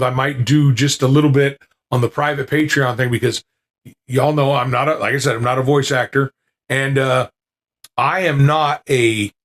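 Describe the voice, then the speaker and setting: A man's voice: mid-range voice, fairly bright tone. A man hosting a podcast, chatting casually to listeners in a rambling way, with lots of fillers and restarts, into a podcasting mic with noise reduction. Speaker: podcast host.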